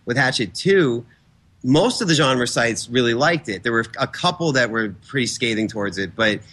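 Fast-talking man, bright voice. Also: mid-range voice, slightly rough. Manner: fast, animated storyteller who acts out quotes. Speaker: guest filmmaker. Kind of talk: casual interview chat.

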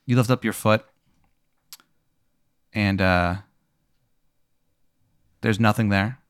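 Man, improv narrator, smooth clear voice, dry close sound, rambling deadpan delivery. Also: lowish voice, slow, dry recording. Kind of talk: improvised comic storytelling.

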